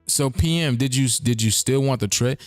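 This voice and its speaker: A man's voice: medium pitch, moderate pace, no echo, soft background music. A man hosting a casual livestream, talking in a rambling, repetitive way with chuckling asides. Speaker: streaming show host.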